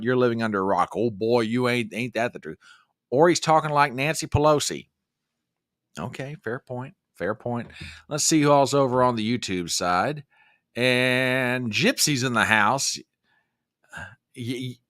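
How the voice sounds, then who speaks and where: Animated folksy man hosting. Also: medium pitch, no room sound, studio quality. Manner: folksy, animated, reads chat comments aloud. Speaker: livestream host. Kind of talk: casual livestream chat.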